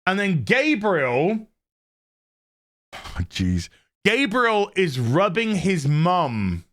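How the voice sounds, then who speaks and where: Lively, bright-voiced older man mocking a show. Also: sits high, very slow. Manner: mocking, irreverent, laughs often. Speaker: YouTube commentator. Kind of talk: comedic reality-show commentary.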